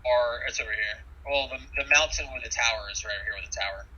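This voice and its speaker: A man running a tabletop game as game master, thinking aloud with frequent pauses. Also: mid-range voice, bright, forceful tone, slightly rough. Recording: muffled lo-fi mic.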